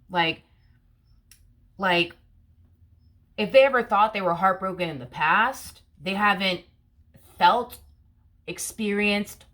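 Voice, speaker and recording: A woman's voice: fairly low pitch, fairly bright tone. A woman giving a casual tarot reading to camera, repeating herself with rhetorical questions and many fillers. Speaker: tarot reader.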